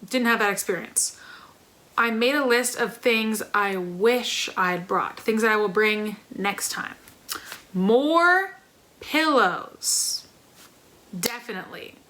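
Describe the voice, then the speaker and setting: A woman's voice: a little high, bright, forceful tone. A young woman vlogger in casual chat to the camera, chatty and emphatic, with lots of fillers.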